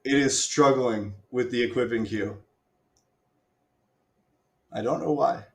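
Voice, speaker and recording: A man's voice: medium pitch, takes it slowly, vocal fry, reverberant. A man hosting a live stream, casually walking viewers through a game demo with self-mocking asides and the odd swear. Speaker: stream host.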